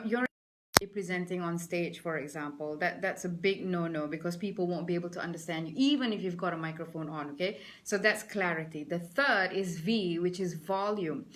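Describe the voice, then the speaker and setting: Speaking in a lowish voice, a middle-aged woman with a Malaysian accent trains people in presentation skills through a lively webinar. She interrupts herself to greet individual viewers by name.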